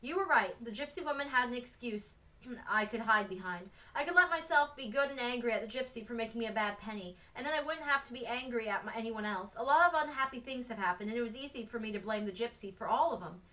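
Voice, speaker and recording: A woman's voice: a little high, fast talker, pushed and bright, far from the mic. A woman reading as an earnest orphan girl. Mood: reflective. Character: twelve-year-old orphan girl, earnest, heartfelt.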